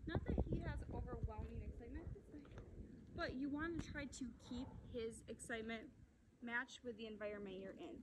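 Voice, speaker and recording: A woman dog trainer explaining heel work between calm, soft commands to the dog as she walks it outdoors. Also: fairly high pitch, normal speed. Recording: distant voice over loud background noise.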